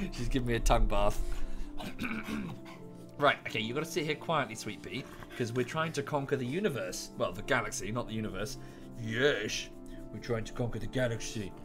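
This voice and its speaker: A man's voice: mid-range voice, moderate pace, over music. A man streaming a strategy game from home, thinking aloud in a chatty, rambling way with offhand asides. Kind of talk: casual live-stream commentary.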